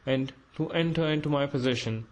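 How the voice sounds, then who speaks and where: A man's voice: on the high side, brisk, darkish tone, a little hiss or hum, close to an everyday voice, poor audio. A man voicing a timid, anxious middle-aged clerk who pleads in a flustered way. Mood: timid pleading.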